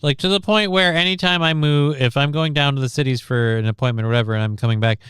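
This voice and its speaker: Brief: male host, loose and profane, smooth clear voice, dry close sound. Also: mid-range voice, quick pace, a bit bright, no room sound. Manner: rambling, profane, joking. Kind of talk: casual chat.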